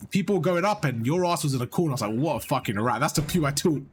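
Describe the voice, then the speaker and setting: A young man giving blunt, animated coaching on gameplay, swearing freely as he explains. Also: on the high side, racing, a little hiss or hum. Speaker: gaming coach. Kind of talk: casual coaching over gameplay.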